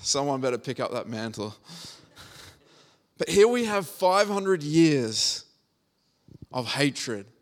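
A man's voice: fairly high pitch, sing-song, slow, pauses often. A man preaching a conversational sermon, reading scripture and retelling the story with humor.

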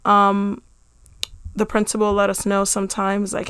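A woman teacher talking in a calm, matter-of-fact way in casual conversation. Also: medium pitch, normal speed, clean tone, no room sound, clean studio sound.

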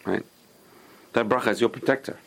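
A man's voice: mid-range voice, fairly quick, gravelly. A man teaching an informal Torah class, explaining Hebrew sources and giving emphatic warnings.

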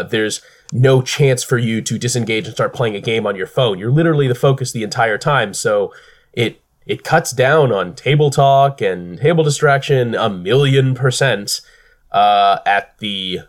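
Low-voiced young man, rambling podcast chat. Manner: relaxed, rambling, lots of fillers and restarts. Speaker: podcast co-host and game master. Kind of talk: casual chat.

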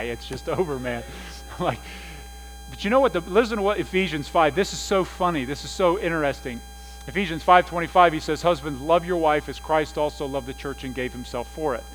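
Middle-aged male pastor, slightly high voice, animated sermon delivery with comic voices; faint hum on the recording. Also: poor audio. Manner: animated storytelling, mimics voices for laughs.

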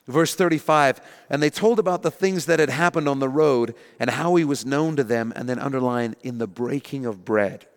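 Animated preacher man in a reverberant hall. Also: mid-range voice, moderate pace, few pauses. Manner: animated storytelling, acting out panicked voices. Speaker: pastor. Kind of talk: sermon.

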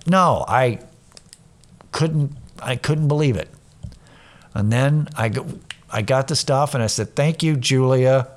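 Man with a mid-pitched voice, casual profane anecdote, animated and self-mocking. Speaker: storyteller. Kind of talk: casual storytelling monologue.

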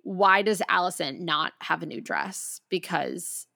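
A woman's voice: on the low side, unhurried, creaky, bright, forceful tone. A woman co-hosting a podcast in casual chat, enthusiastic and talking in long run-on thoughts. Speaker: podcast co-host.

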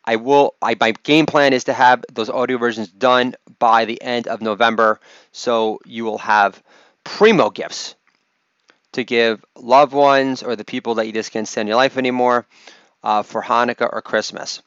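Sarcastic comedy podcast man, smooth voice. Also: mid-range voice, fairly even intonation, moderate pace, fairly bright tone, no room sound, lo-fi sound. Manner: sarcastic, mocking, laughs at own jokes. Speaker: podcast host.

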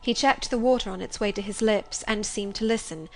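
A woman reads a story aloud in a measured, expressive way. Her voice sits at an ordinary middle pitch, with a faint hiss of noise underneath. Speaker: audiobook reader. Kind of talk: scripted narration.

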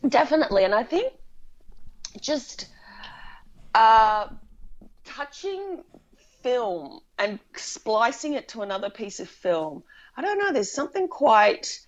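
A woman's voice: a little high, sing-song, takes it slowly, pauses often, highs cut off. A woman film director, chatting animatedly in an interview and telling stories with laughs. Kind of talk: casual interview conversation.

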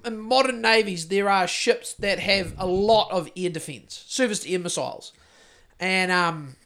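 A man's voice: sits high, a bit bright. A man with a New Zealand accent hosting a podcast, rambling through casual chat, swearing and joking as he goes. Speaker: podcast host.

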